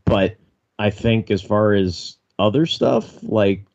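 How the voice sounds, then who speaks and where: A man's voice: lowish voice, fairly even intonation, takes it slowly, darkish tone. A man co-hosting a casual podcast chat. He rambles, restarts his sentences often and swears freely. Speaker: podcast co-host. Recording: dull lo-fi sound.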